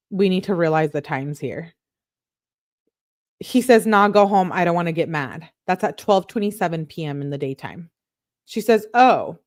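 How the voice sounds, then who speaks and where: Female commentator, lower register, dry recording; reads texts plainly, exasperated asides. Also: no room sound. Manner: reads both sides of the texts in a flat reading tone, breaks in with exasperated asides. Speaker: true crime commentator on a livestream. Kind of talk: reading out text messages with commentary.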